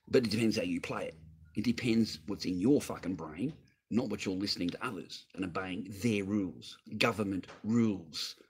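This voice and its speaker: A man's voice: on the low side, moderate pace, fairly bright tone, husky. An Australian man on a livestream, ranting heatedly and swearing constantly, repeating himself as he answers a viewer. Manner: profane, heated, repetitive. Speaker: livestream host.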